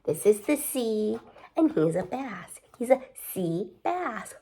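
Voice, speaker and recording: A woman's voice: medium pitch, very animated, slow, mellow, husky. A young woman reading a picture book aloud to children, chatty, with playful asides and questions. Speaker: storybook reader.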